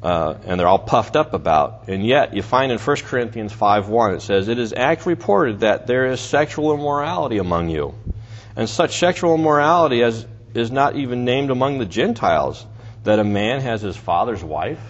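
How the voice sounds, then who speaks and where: Speaking at a normal speed in an animated, medium-pitched voice, a preacher walks through a Bible passage with restarts and side comments. The audio is muffled and lo-fi, with faint noise.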